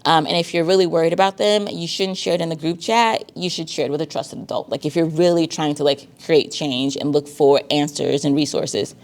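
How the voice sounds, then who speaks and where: A woman's voice: deep voice, steady tone, brisk, few pauses, darkish tone. A woman, a counselor talking casually about healthy dating, with lots of likes and y'alls. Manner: conversational, uses y'all and filler likes. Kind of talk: casual talk on teen dating safety.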